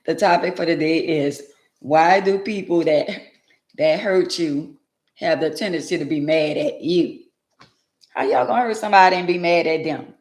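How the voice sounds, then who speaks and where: A woman's voice: lowish voice, moderate pace, a little mellow. An older woman hosting a casual live-stream chat. She talks in a folksy way and leans on emphatic rhetorical questions. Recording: echoey room.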